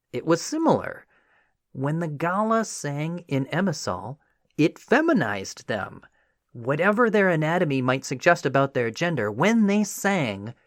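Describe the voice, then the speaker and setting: In a dry, studio-quality recording, a man of medium pitch hosts a history podcast. He delivers his script in an animated, chatty manner, frequently stepping aside with a "you know."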